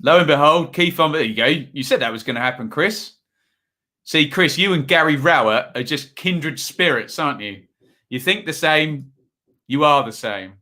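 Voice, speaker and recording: Guy hosting a live stream, tired, bright voice, chatty with the chat. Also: a little high, expressive, moderate pace. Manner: chatty, reads out chat messages and scores. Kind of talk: casual live-stream chat and score updates.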